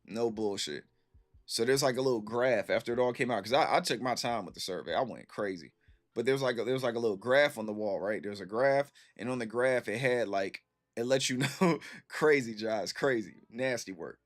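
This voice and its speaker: A man in his thirties chatting casually with stream viewers, telling an animated, slangy story and repeating himself for emphasis. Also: mid-range voice, a little fast.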